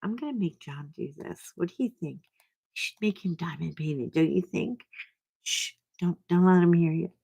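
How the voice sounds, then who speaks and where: A woman's voice: fairly low pitch, normal speed, vocal fry, warm tone, breathy edge, no echo, rough recording. An older woman hosting a crafting channel, chatting casually to camera in a rambling, self-deprecating way. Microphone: clip-on mic that keeps bumping.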